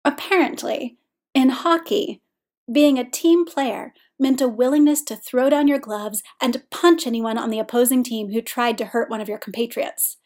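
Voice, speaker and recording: Brief: woman audiobook reader, a touch high, steady pace. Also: moderate pace. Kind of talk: scripted narration.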